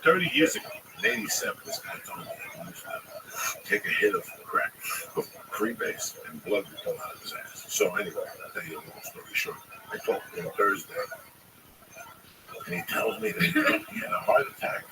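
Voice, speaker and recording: Gravelly man rambling far from the mic. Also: on the low side, huge pitch swings, normal speed. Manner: rambling, profane, confiding. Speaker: livestreamer. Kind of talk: casual storytelling to friends. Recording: distant mic with loud background noise.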